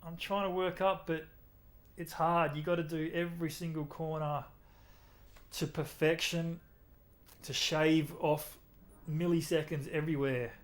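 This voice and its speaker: A young man from Australia with an Australian accent plays a racing game and chats with his stream chat in a relaxed, talkative manner. His voice is a little high and a little slow.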